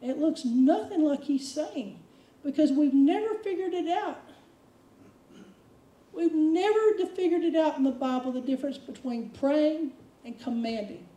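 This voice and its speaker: A woman preaching a sermon, animated, acting out quotes with big swings of voice. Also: high voice, a little slow, reverberant, far from the mic, poor audio. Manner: animated, dramatic quoting with voice swings.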